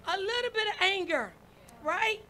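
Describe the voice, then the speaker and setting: A woman preaching with a very high, bright, ringing voice. She tells folksy stories and keeps calling to her congregation for response. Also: animated, normal speed. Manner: folksy, storytelling, calls out to congregation with "y'all" and "right?". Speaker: first lady preacher. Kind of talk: sermon.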